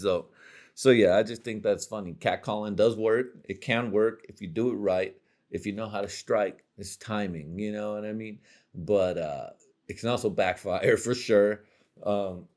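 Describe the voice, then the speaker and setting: A young man with a lowish voice rambles through a foul-mouthed comic monologue as host of his own show. He leans on slang and swearing and keeps breaking into laughter. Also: a little slow, darkish tone. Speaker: podcast host. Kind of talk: crude comedic monologue.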